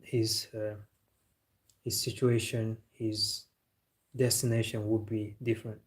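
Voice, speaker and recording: Male football streamer, low voice, flat delivery, casual opinionated chat with viewers. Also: takes it slowly, husky. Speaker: football live stream host.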